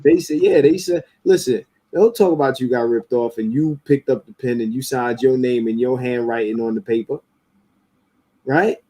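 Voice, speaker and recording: Male podcast host, mellow tone, casual and profane, animated. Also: mid-range voice, normal speed. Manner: animated, profane, rising into mocking quotes. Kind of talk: casual opinionated talk.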